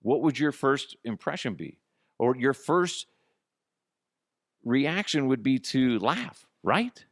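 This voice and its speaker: A man hosts a solo comedy podcast, ranting with lots of profanity. His pitch swings widely as he riffs, and the sound is dry and close, with no room around it. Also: slow, no room sound. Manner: animated, profane, acts out both sides of a dialogue. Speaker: podcast host.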